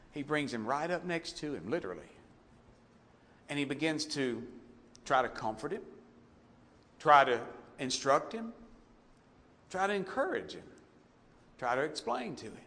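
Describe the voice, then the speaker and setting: A man preaching a sermon with passion, shifting between loud emphasis and hushed, tender passages. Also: fairly high pitch. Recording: long hall reverb.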